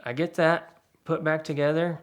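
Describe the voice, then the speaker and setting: A man telling a casual spoken anecdote in a lively way, acting out the other people's lines. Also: moderate pace, clean tone. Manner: lively, acts out quoted voices with sudden pitch jumps. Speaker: guest storyteller.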